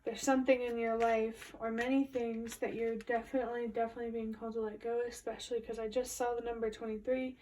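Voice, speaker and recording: A woman with a fairly high voice talks through a tarot reading in a flat, even tone. She muses aloud in a meandering, intuitive way, and her voice sits a little back from the microphone. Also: fast talker, few pauses. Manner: musing, meandering intuitive commentary. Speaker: tarot reader. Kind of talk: casual spoken tarot reading. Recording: voice a bit distant from the mic.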